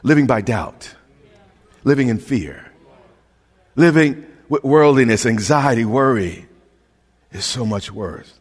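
Slow, animated preaching man in a hall. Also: medium pitch, breathy edge. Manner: impassioned preaching with stammered restarts, rising to shouts. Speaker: pastor. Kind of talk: sermon. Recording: long hall reverb.

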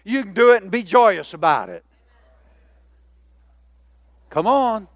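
A man preaching a sermon as pastor, a lively, joking speaker who keeps calling out to his congregation. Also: high-pitched, slow, dry recording.

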